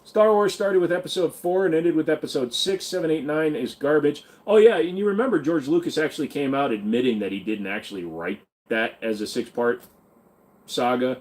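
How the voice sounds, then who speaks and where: A man's voice: fairly high pitch, fairly quick. A man hosting a casual livestream who reads viewer comments aloud and answers them in a blunt, irreverent way. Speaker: livestream host reading chat.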